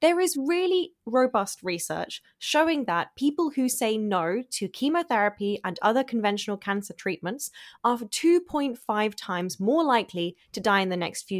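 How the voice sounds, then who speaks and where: A woman's voice: a little high, big pitch swings, moderate pace. Blunt indignant woman co-host. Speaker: podcast co-host. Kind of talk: casual review chat.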